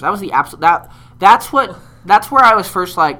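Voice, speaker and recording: A man's voice: sits high, big pitch swings, fairly quick, pushed and bright. A young man on his first episode as podcast co-host, giving opinions with joking banter. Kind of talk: casual political chat.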